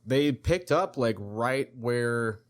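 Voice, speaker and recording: A man's voice: mid-range voice, animated, takes it slowly. A man chatting casually with friends about TV shows and games, rambling with lots of fillers. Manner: laid-back, rambling with lots of "like". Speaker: podcast co-host. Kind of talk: casual chat.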